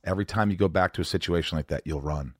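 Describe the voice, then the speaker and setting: A man with a lowish voice talks frankly and emotionally, dropping curses as he goes. The sound is close and dry, with no room around it. His manner is raw and unguarded. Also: racing, no echo. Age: older. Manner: raw, emotional, swears freely. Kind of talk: candid casual conversation.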